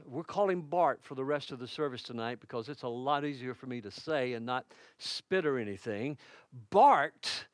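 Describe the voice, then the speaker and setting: Animated male pastor preaching. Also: a little high, no echo. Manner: storytelling preacher who dramatizes quoted shouts; drops to a soft, hushed tone in prayer. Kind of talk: sermon.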